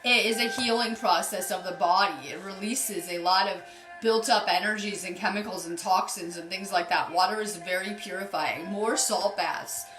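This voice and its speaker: A woman's voice: mid-range voice, moderate pace, a bit bright, roomy sound, faint music behind. A woman doing a casual card reading on a live stream as a spiritual healer, chatty and upbeat, greeting viewers by name.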